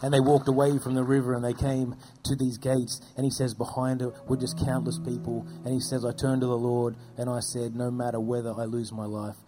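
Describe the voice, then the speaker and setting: A man telling earnest faith stories as an interview guest, dropping his voice low at solemn moments. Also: completely flat delivery, brisk, few pauses, over music. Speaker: guest speaking about persecuted churches. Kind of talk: storytelling testimony.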